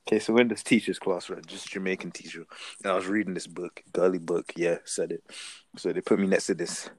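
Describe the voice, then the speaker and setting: Low-voiced young man telling a story. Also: steady tone, brisk, rough recording. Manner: laid-back slangy storytelling. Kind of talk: casual storytelling.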